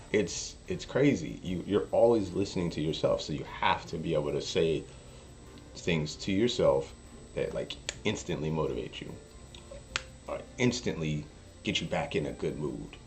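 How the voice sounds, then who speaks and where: A man streaming poker and chatting casually, an animated storyteller who acts out quotes. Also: a bass voice, unhurried. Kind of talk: casual chat while streaming. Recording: faint music behind. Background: faint music.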